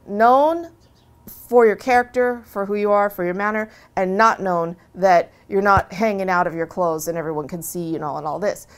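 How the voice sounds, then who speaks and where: Earnest, animated woman in an interview. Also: moderate pace. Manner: earnest and animated, with lively swings in pitch; conversational, often restarting phrases. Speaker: interviewee, religious convert. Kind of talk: long-form interview, casual personal talk.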